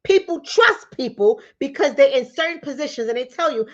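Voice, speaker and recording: A woman with a New York accent from the Bronx, talking fast and preaching to her viewers with rhetorical questions. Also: high-pitched, expressive, lo-fi sound. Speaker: relationship coach and commentator. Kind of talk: direct-to-camera commentary.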